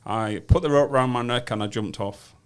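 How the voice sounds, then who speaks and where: A man's voice: medium pitch, fairly quick, smooth. An English man in his fifties, a guest on a studio podcast, telling his story bluntly and frankly. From England. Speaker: guest, business founder. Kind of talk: podcast interview.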